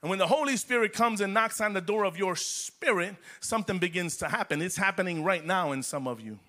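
A man's voice: high voice, expressive, fairly quick, pushed and bright. A male pastor preaching a sermon in a church, fervent and repeating his phrases for emphasis.

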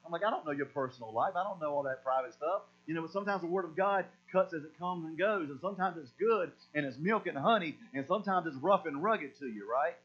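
A man preaching a sermon as pastor, animated and repeating words as he acts out voices. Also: a little high, fast, hardly any pauses, breathy edge. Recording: dull lo-fi recording with mains hum.

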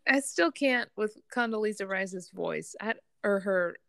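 A woman's voice: medium pitch, animated, a little slow, creaky, sharp tone, no echo, studio quality. A woman chatting casually about a TV show, chatty and giggly. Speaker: podcast co-host.

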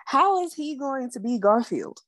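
A woman's voice: high voice, big pitch swings, normal speed, fairly bright tone, no echo. A woman co-hosting a podcast, joking and asking incredulous questions in casual chat. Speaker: podcast co-host.

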